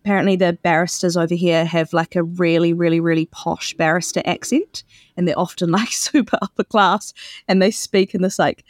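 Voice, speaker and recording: A woman's voice: on the low side, fairly even intonation, fairly quick, no echo, studio quality. A woman co-hosting a podcast in casual chat, explaining things at length and laughing often. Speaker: podcast co-host.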